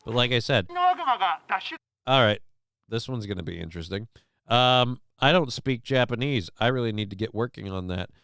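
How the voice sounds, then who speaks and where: A male host rambles through casual commentary, swearing and trailing off with fillers. His voice is bright and smooth. The sound is dry and close. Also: fairly low pitch, fairly quick, no echo. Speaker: show host.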